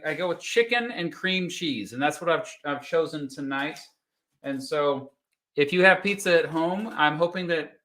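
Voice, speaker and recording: A man hosting a laid-back livestream, talking with a bright, forceful edge in a slightly high voice. He jokes around easily and sometimes talks with his mouth full. He is in his thirties and comes from Kansas. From Kansas, United States. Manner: relaxed, joking, eats while talking. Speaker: YouTube host. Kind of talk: casual livestream chat.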